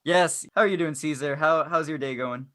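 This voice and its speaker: A young man hosts a podcast in a bright, forceful voice, rambling on and poking fun at himself. The sound is dry and close, with no room around it. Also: fairly high pitch, normal speed, dry recording. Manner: jokey, self-deprecating, rambling. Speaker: podcast host. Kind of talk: casual podcast chat.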